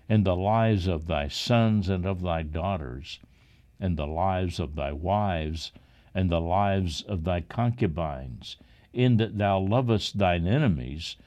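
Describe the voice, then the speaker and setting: A man voicing a stern, blunt army captain in a scripture reading, rebuking slowly and forcefully. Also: low voice.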